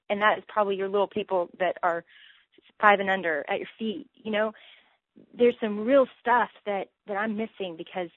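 A woman's voice: mid-range voice, no echo. Earnest woman on a tinny phone line. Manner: earnest, halting, many restarts. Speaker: Bible teacher guest. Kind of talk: casual faith interview.

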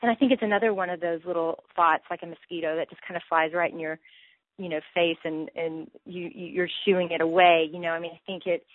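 A woman's voice: on the low side, fairly even intonation, no echo. Earnest woman on a tinny phone line. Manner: earnest, halting, many restarts. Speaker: Bible teacher guest. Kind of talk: casual faith interview.

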